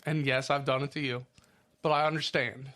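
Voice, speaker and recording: A man's voice: mid-range voice, fairly even intonation, moderate pace, pushed and bright. A man co-hosting a podcast, tossing in joking remarks, coughing and his voice cracking now and then. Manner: joking interjections. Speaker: podcast co-host. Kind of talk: casual podcast chat.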